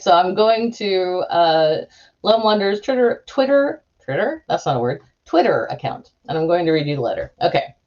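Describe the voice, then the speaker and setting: A woman's voice: lowish voice, darkish tone. Chatty giggly woman on a lo-fi stream. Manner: chatty and giggly, rambling with restarts. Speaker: live stream host. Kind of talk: casual live-stream chat.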